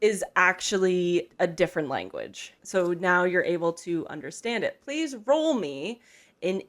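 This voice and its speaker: A woman's voice: on the low side, big pitch swings, unhurried. Casual woman game master. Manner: casual, chatty, laughs easily. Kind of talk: narrating a tabletop game.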